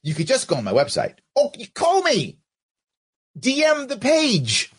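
A man's voice: extremely high pitch, huge pitch swings, a little slow, slightly rough. A man giving mocking political commentary, sarcastically arguing back at a clip he is playing.

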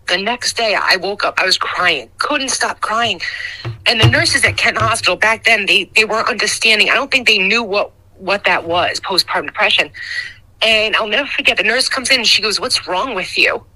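A middle-aged woman giving a raw, emotional personal testimony as a guest, halting and recounting painful memories. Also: mid-range voice, pushed and bright, low-quality recording.

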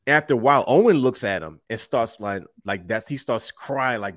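A man's voice: mid-range voice, normal speed, dry recording, studio quality. A man co-hosting a casual wrestling podcast, retelling matches with acted-out quotes. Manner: animated storyteller, acts out quotes. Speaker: podcast co-host.

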